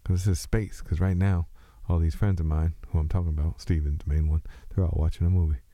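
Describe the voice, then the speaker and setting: Deep-voiced man with a slight Texas twang. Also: steady tone, fast talker, mellow, no room sound. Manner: loose, joking, meandering, self-mocking. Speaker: podcast host. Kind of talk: rambling solo podcast monologue.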